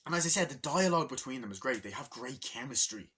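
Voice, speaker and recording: A young man giving a rambling, excitable spoken movie review, acting out scenes from the film. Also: fast talker, husky. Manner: rambling, excitable, acts out scenes in high voices.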